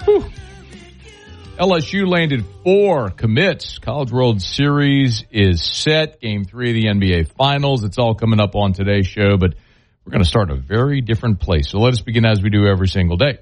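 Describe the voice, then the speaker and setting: A man's voice: fairly low pitch, lively intonation, normal speed, no echo, soft background music. A man hosting a sports talk radio show, giving opinionated, conversational commentary that builds toward worked-up rants.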